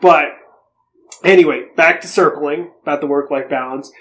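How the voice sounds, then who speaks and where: A man's voice: a little high, moderate pace, a bit bright, rough recording. A young man co-hosting a podcast, telling a story in a rambling, profane, casual way. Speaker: podcast co-host. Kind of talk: casual chat.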